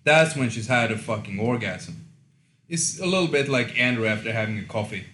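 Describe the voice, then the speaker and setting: A man's voice: medium pitch, animated, a little fast, sharp tone. A man co-hosting a podcast, joking crudely and laughing between his lines. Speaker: podcast co-host. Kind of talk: casual podcast chat. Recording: echoey room.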